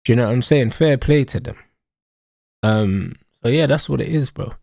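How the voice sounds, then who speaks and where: A man's voice: medium pitch, animated, moderate pace, gravelly, a little mellow, no room sound, studio quality. A young man with a London accent, ranting casually about football on a live stream, full of slang and repeated catchphrases. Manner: slangy, emphatic, repetitive.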